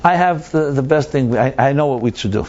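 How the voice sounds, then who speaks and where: A man's voice: medium pitch, animated, a little fast, darkish tone, dull audio, a little hiss or hum, lightly acted. A man doing a sly, confident old sage. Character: shrewd old village sage, calm and confident.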